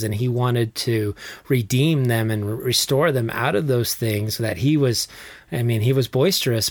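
Animated man, dry close sound. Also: mid-range voice, no echo. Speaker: podcast co-host. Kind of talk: casual Christian podcast discussion.

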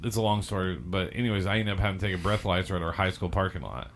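A male podcast co-host with a somewhat low voice tells a story in casual chat. He laughs his way through it and mimics the people he talks about. His delivery is loose and conversational. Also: very fast, a little hiss or hum.

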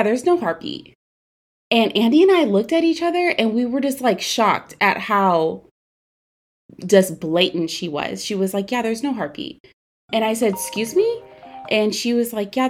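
A woman in her twenties hosting a podcast, recounting a painful personal story candidly and emotionally, with many casual fillers. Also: medium pitch. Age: 20s. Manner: candid, emotional, frequent "like" and "you know" fillers. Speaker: podcast host.

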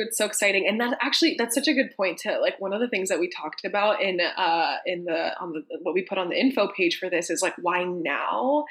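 Chatty, enthusiastic woman, slightly low voice. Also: brisk, few pauses, fairly bright tone. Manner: enthusiastic, chatty, laughs often. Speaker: co-host of a group call. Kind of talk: casual call talk.

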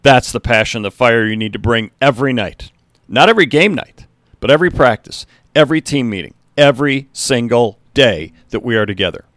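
A man voicing a passionate high school basketball coach giving an earnest, rousing pep talk to his team. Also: animated, brisk, fairly bright tone, no echo, studio quality, close to an everyday voice.

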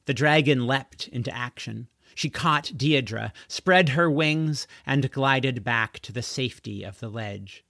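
Slow, gravelly male storybook narrator. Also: medium pitch, pushed and bright, no room sound, clean studio sound. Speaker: audiobook narrator. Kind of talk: storybook reading.

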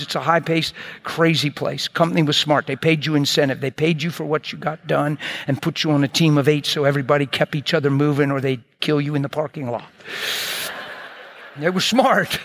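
A man preaching, telling a personal story in an animated way and acting out scenes with sound effects. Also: a little high. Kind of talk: sermon testimony storytelling.

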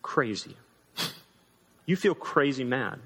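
A man's voice: medium pitch, animated, slow pace, a bit bright, slightly rough. A man pastor preaching a sermon in a conversational, emphatic way. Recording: long hall reverb.

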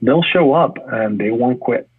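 A man's voice: medium pitch, husky, no echo. A man who coaches fitness and runs a gym, talking casually and energetically in an interview, often restarting his sentences. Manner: energetic, talks in quick restarts. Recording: tinny phone-like line.

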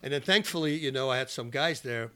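Man, podcast guest, animated storytelling, laughs at own jokes, middle pitch. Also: brisk, clean tone. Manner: lively, laughs through his own stories.

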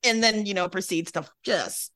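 A woman's voice: mid-range voice, normal speed, bright, forceful tone, no room sound, clean studio sound. A middle-aged woman co-hosting a podcast, chatting casually and rambling with plenty of swearing. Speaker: podcast co-host. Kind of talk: casual chat.

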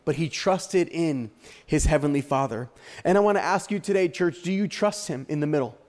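A man's voice: a little high, moderate pace, darkish tone. A male pastor preaching a sermon with dramatic rhetorical questions and repetition.

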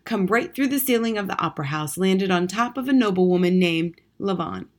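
A woman's voice: medium pitch, animated, a little fast, close to an everyday voice. A woman doing a gossipy old-world fishmonger. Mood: matter-of-fact. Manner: folksy, ungrammatical working-class speech. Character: earthy male fishmonger, gossipy storyteller.

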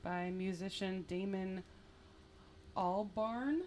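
A woman's voice: mid-range voice, takes it slowly, a little mellow, a little hiss or hum. A woman co-hosting a casual music podcast, chatting in an upbeat way with lots of fillers. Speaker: podcast co-host.

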